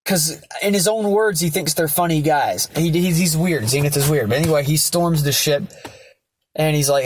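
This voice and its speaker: A man's voice: a little high, moderate pace. A young man casually and ramblingly retelling a story, swearing and using many fillers. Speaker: vlogger.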